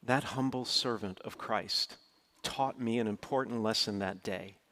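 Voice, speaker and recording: A man's voice: on the low side, measured pace, pushed and bright, a little hiss or hum. A middle-aged man preaching a sermon, telling a personal story in an earnest, storytelling way, his voice rising sharply when he quotes his own words. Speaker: pastor.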